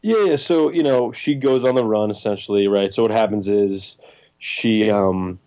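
A young man in casual conversation about a film, animated and full of fillers and restarts. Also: on the low side, moderate pace, low-quality recording. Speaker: podcast co-host discussing a film. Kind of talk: casual chat.

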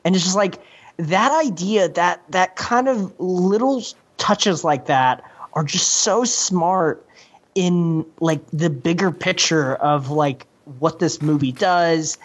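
A man co-hosting a casual movie podcast, starting with repeated restarts and then talking in quick bursts. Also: fairly high pitch. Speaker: podcast co-host. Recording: slightly dull lo-fi audio.

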